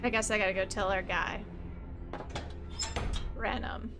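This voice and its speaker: Slow-talking playful woman gamer. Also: medium pitch, fairly even intonation. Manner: playful, jokey, sounds out foreign words in mock accents. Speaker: let's play host. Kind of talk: casual game commentary. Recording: game music playing underneath. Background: game music.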